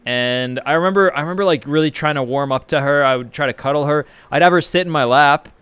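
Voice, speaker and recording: Smooth-voiced, profane gaming streamer man. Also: on the high side, quick pace, fairly bright tone, no echo. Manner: rambling, profane, reads and answers chat. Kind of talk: casual live-stream chat while gaming.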